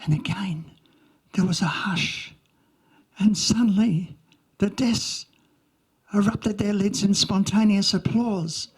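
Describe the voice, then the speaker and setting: A woman's voice: medium pitch, slow pace, long pauses, a little mellow, slightly rough. A woman playing an earnest young schoolchild in a comic monologue, rambling with lots of "like" and childish grammar slips.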